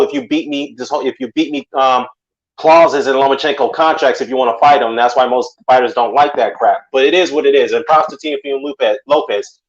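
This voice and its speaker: A man's voice: mid-range voice, dull audio. A man appearing as a guest on a boxing podcast, who talks in a blunt, dismissive way and swears. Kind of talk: boxing opinion talk.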